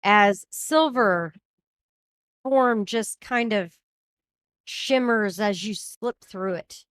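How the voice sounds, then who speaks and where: A woman's voice: medium pitch, very slow, fairly bright tone, smooth, dry recording, clean studio sound. Woman game master hosting a live tabletop show. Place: live show at a cafe venue.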